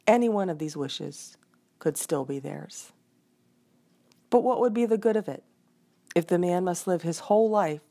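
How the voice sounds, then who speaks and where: A woman reading a folk tale aloud in an expressive storytelling manner. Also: low-pitched. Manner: expressive, voices the characters.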